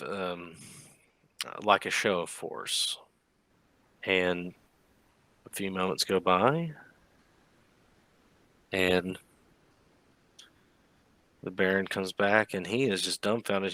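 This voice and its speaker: Slow, bright-voiced male game master. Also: on the low side, dry recording. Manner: slow, measured storytelling with voiced lines. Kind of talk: narrating a tabletop game.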